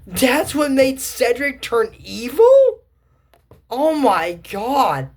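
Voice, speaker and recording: Woman, chatty recap host, animated up-and-down delivery, loose and self-correcting. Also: sits high, extremely slow. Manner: rambling, self-correcting, thinking aloud. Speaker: show commentator. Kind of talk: casual episode recap and commentary.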